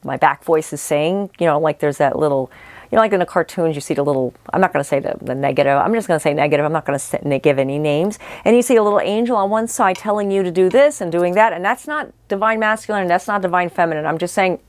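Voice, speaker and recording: Woman doing a tarot reading, kinda low voice, losing her voice a bit, rambly, dead dry room. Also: fast, no echo. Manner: rambling, many restarts and fillers. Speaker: psychic tarot reader. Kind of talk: casual spoken tarot reading.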